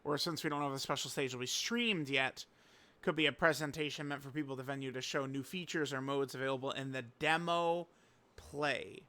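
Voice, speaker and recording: A man's voice: medium pitch, a little fast, pushed and bright. A young man casually commenting on mobile game news, rambling with lots of fillers and slang.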